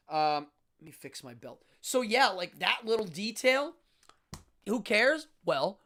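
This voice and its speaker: A host in their fifties speaks alone on a casual live stream, using a medium-pitched, slightly bright voice. They teach as they go, enunciating carefully, stretching words for emphasis, and acting out sounds to demonstrate.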